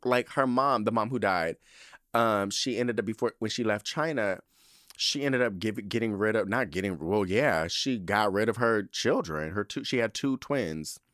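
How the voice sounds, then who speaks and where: Low-voiced young guy gossiping on his podcast, sassy and swears a lot, dry close sound. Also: normal speed, a bit bright, dry recording. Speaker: podcast host. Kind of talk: casual chat.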